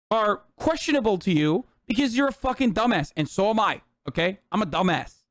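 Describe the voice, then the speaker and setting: A man's voice: sits high, no echo. Man, streamer, blunt sarcastic rant, heavy swearing, dry room. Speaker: streamer reacting to a video. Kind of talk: casual profane rant.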